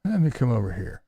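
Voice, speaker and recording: A man's voice: a little high, no echo, clean studio sound. A male vlogger delivering a profane, sarcastic, combative rant to camera. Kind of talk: ranting monologue to camera.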